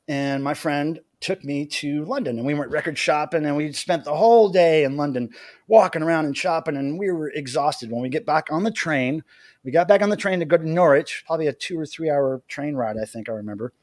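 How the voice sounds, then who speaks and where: An American man hosting a livestream from home, telling a story in an animated, chatty way. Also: fairly high pitch, brisk, dry recording. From United States. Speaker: livestream host.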